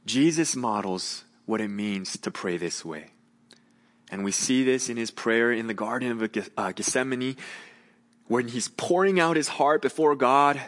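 A man preaching a sermon as a pastor, earnest, moving between raised emphasis and hushed, gentle appeals. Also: medium pitch, normal speed, big-room sound.

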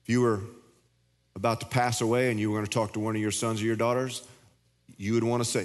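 A man's voice: lowish voice, flat delivery, fast, pauses often. A man preaching a sermon as pastor, plain-spoken and folksy with joking asides. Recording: long reverb of a big hall.

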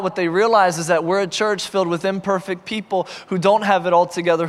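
A man's voice: sits high, long reverb tail. A man preaching a sermon as pastor, telling stories and acting out both sides of conversations. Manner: animated, acts out dialogue in raised voice. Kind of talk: sermon with storytelling. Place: large concert venue used as church.

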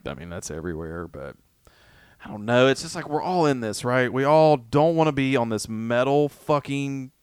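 Smooth-voiced man ranting in casual chat. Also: mid-range voice, animated, moderate pace, no room sound, studio quality. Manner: heavy swearing, ranting, exasperated. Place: New York.

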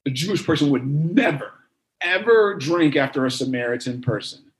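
A man preaching a sermon, telling a story with lively repeated phrases. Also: a little high, moderate pace, poor audio.

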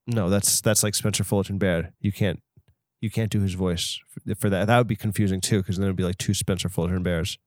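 A man putting on a low, gruff voice as a stern, self-important judge. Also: fairly even intonation, brisk, darkish tone, no room sound, studio quality, natural voice. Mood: bossy.

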